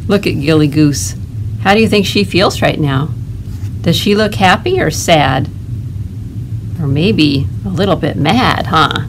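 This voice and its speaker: A children's librarian reads a picture book to toddlers, slow and gentle with an animated lilt. A faint hiss sits under her voice. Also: low voice, creaky. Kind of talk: toddler storytime reading.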